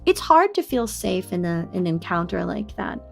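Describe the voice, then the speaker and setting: A woman's voice: normal speed, creaky. A young woman streamer telling a personal story to her chat in a candid, confiding way. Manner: candid and confiding, bursts into high excited squeals at chat. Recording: faint music behind.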